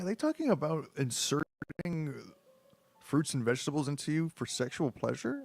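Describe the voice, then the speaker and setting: A man's voice: a little high, sing-song, normal speed, vocal fry, a little mellow, no echo, soft background music. A man with a head cold reading a book aloud, breaking off into crude, bewildered, self-mocking asides. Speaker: book reader. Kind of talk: comedic reading with rambling asides.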